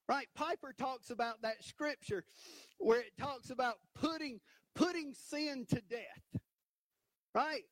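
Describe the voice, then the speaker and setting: A man preaching a sermon from a church stage, animated and emphatic, punctuating points with "right?". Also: very high-pitched, slow, no echo, low-quality recording. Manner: animated, rising to emphatic peaks with repeated "right?".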